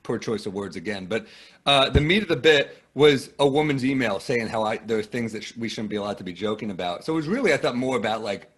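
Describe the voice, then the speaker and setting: A man's voice: medium pitch, animated, quick pace, breathy edge. A man from the United States with an American accent, a comedian guesting on a podcast and telling self-deprecating anecdotes. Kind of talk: casual interview chat.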